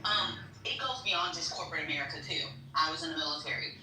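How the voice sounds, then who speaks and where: Woman, casual chat, blunt storyteller, very bright tone, echoey room. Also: deep voice, fast, a little hiss or hum. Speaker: guest. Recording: roomy and distant.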